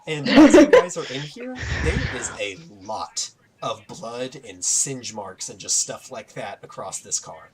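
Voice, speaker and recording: A man's voice: mid-range voice, big pitch swings, a little slow, very noisy. A man narrating as game master, casual and full of fillers.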